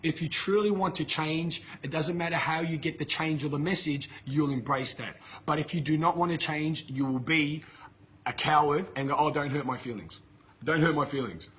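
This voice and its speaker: Blunt, profane, high-voiced motivational coach. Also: male voice, fairly even intonation, moderate pace, fairly bright tone, breathy edge. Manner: blunt, profane, emphatic ranting. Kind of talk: motivational talk to camera. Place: filmed in Bali with a camera operator.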